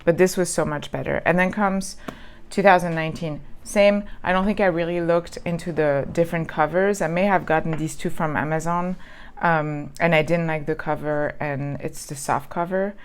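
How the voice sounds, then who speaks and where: A woman's voice: low voice, steady tone, normal speed, hardly any pauses, slight background noise. A woman chatting casually as she flips through old planners, rambling with lots of ums and restarts. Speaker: planner vlogger. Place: lives in Southern California.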